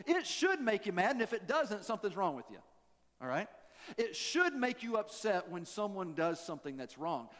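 A man's voice: high voice, long reverb tail. A man preaching a sermon as a pastor, folksy and joking, with self-deprecating asides.

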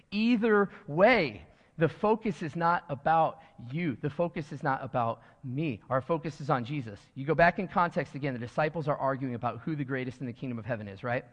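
A man's voice: a little high, a bit bright. A man preaching a sermon as pastor, earnest and rising to emphatic points, with casual fillers. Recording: dull sound in a long reverberant hall.

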